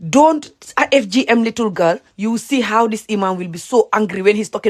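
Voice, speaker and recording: A woman's voice: mid-range voice, a little fast, few pauses. Woman going off in a vlog rant, angry and emphatic, repeats herself a lot. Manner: angry, emphatic, repetitive, mixes English with Mandinka. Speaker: social media commentator.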